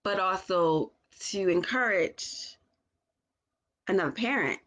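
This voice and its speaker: A woman who vlogs as a parent talks casually to camera, slowly and deliberately, halting with restarts and long pauses. Her voice is medium-pitched and a bit bright, with lively intonation.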